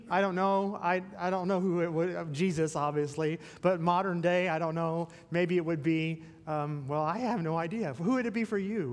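A male pastor giving a sermon, playful and animated, with asides and questions to the congregation. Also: on the high side. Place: church sanctuary. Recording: long reverb of a church hall.

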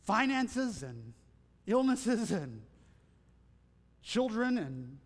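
A man preaching a sermon as pastor, earnest, building into emphatic lists and dropping to hushed asides. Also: sits high, sing-song, drawn-out words. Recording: long church reverb.

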